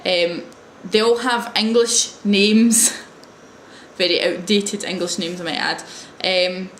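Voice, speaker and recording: A woman's voice: medium pitch, steady tone, takes it slowly, fairly bright tone, a little hiss or hum. A young woman telling a wry story in a casual video diary, hesitating with frequent ums. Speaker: English teaching assistant. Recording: roomy echo.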